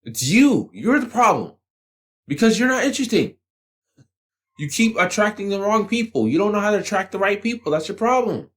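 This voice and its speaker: Male channel host, profane motivational monologue, confrontational, animated pitch. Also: normal speed. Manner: blunt, combative, swears freely. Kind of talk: profane motivational rant to camera.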